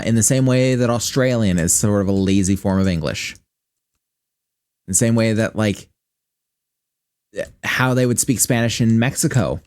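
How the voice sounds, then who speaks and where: A man's voice: on the low side, darkish tone. A man from Michigan with a Midwestern American accent, chatting casually and rambling with frequent swearing while streaming a game. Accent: general American Midwestern. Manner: rambling, profane, thinking aloud. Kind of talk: casual gaming stream commentary.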